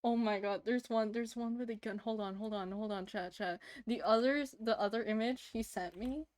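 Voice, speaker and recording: A woman's voice: a little high, normal speed, darkish tone. A woman in her thirties chatting casually to her stream while drawing, giggling and gushing over cute things. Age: 30s. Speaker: livestreamer.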